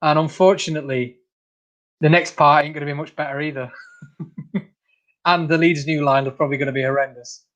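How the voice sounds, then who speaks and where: A man's voice: on the high side, steady tone, a little fast, pauses often, a bit bright. A man hosting a casual livestream, reading out viewer comments, laughing often and calling people mate. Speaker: channel host.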